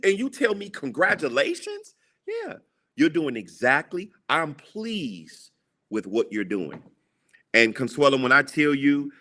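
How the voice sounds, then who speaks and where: A man's voice: medium pitch, sharp tone. A man giving an emphatic, preacherly motivational talk as a guest entrepreneur, repeating lines for emphasis. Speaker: guest, entrepreneur and TV show creator.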